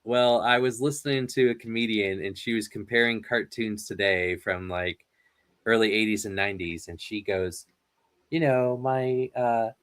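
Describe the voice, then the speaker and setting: A man's voice: lowish voice, steady tone, normal speed, fairly bright tone. A man hosting an interview, telling rambling stories in casual chat and laughing often. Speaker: interview host.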